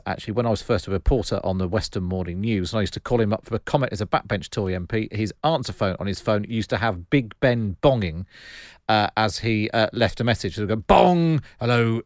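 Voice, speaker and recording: A man from the West Country hosting a podcast in a chatty, joking way, his voice a little low. The studio sound is close and dry, with no room echo. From West Country, England. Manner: chatty and jokey. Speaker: podcast host. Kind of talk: conversational podcast presenting.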